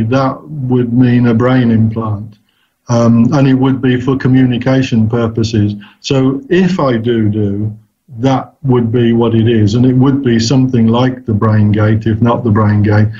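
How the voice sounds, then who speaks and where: A man as an interview guest who talks about research thoughtfully, often pausing and restarting his sentences. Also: mid-range voice, warm tone. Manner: thoughtful, hesitant, frequent restarts. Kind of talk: casual interview answers. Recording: dull lo-fi recording.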